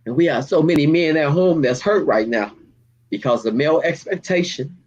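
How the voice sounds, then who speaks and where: A man, a community activist, speaking with deep emotion and street slang in an interview, near tears. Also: normal speed, a little mellow, dull audio. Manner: heartfelt, storytelling, street slang. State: holding back tears.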